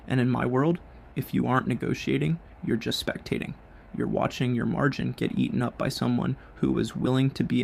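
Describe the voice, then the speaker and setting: A man's voice: mid-range voice, creaky, a little hiss or hum. A man hosting a show, delivering a scripted business monologue in blunt, punchy short sentences. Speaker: show host.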